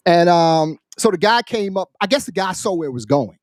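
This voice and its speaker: Guy on a podcast rattling off a wild story, swearing a lot, pitch jumping all over, dry close sound. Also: a little fast, no echo. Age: adult, military veteran. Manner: animated, profane, acts out quoted voices. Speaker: podcast co-host. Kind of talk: casual storytelling chat.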